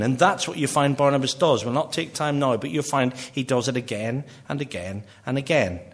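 A middle-aged man from Northern Ireland with a Northern Irish accent, preaching a sermon in an earnest way, slowing for emphasis and dropping quiet at the ends of phrases. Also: medium pitch. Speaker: pastor.

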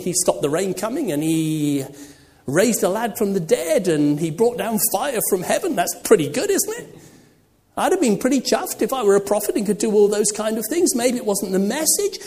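Preacher, sermon, rhetorical questions, lively rising and falling pitch, long church reverb. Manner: animated, full of rhetorical questions to the congregation.

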